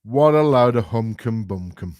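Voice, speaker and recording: A man's voice: lowish voice, lively intonation, normal speed, darkish tone, no echo, clean studio sound. Blunt, jokey man. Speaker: podcast co-host. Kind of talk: casual chat.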